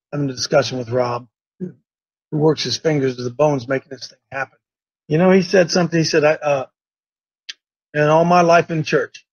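A man's voice: mid-range voice, slightly rough, no echo. A man hosting a casual live show, talking in a rambling, folksy way that often breaks off mid-sentence. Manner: rambling, folksy, self-interrupting. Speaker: host. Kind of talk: casual livestream chat. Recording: dull lo-fi sound.

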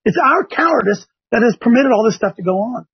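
A man's voice: very high voice, expressive, brisk, vocal fry, slightly rough. An older man from Ohio hosting a religious talk show, emphatic and repeating his points for effect. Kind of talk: preachy talk-show commentary. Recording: dull lo-fi sound.

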